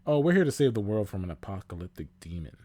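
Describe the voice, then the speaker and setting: A man voicing an excitable, boyish young male sidekick. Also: fairly low pitch, fast. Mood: excited. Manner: eager, boyish.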